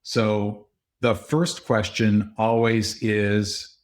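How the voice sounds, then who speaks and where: A man who consults on leadership is a podcast guest in a conversational interview, explaining the subject at normal speed. When quoting dialogue, he performs it with a raised pitch.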